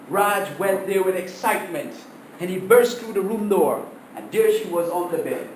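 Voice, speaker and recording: A man giving a prepared humorous speech to his class, telling stories in an animated way and laughing at his own jokes, heard from across a classroom. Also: high voice, moderate pace, roomy sound, distant mic, slight background noise, rough recording.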